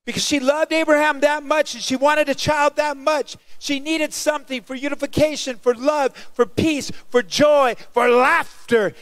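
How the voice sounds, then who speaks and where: High-voiced animated male pastor. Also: normal speed, no echo. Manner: animated, call-and-response with congregation. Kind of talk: sermon.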